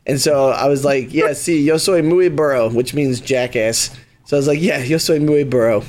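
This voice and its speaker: A young man co-hosting a podcast tells a story casually and with animation, acting out the quoted voices. He speaks at medium pitch and normal speed, with slight background noise.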